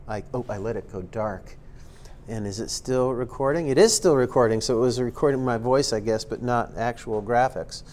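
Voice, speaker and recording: A man's voice: mid-range voice, moderate pace, darkish tone, slight background noise. A man giving a casual spoken tutorial as an instructor, rambling with lots of ums and likes and making self-aware, joking asides. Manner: rambling and filler-heavy, many ums and likes. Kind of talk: casual screen-recorded tutorial talk.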